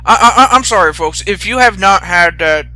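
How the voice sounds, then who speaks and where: A man's voice: high-pitched, expressive, a little fast, bright, forceful tone, dry recording. A young man hosting a casual chat, rambling with stammering restarts and fillers. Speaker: host.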